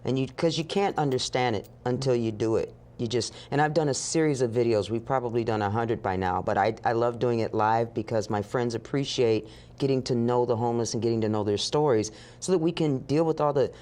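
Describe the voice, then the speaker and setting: A woman telling a story as an interview guest, animated and acting out the voices of the people in it. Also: very deep voice, fairly quick, hardly any pauses. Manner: animated, acts out dialogue with laughs.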